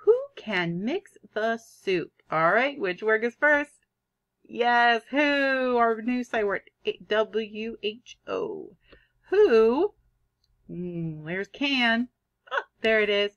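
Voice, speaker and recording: A woman teaching a kindergarten reading lesson, sounding out words in an animated, drawn-out way. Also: a little high, highs cut off. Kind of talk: online phonics lesson for young children.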